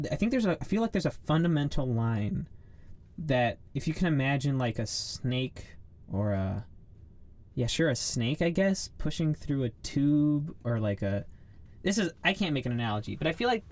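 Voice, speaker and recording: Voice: medium pitch, sing-song, normal speed, darkish tone. A speaker in a casual chat, rambling and searching for words, leaning heavily on "like".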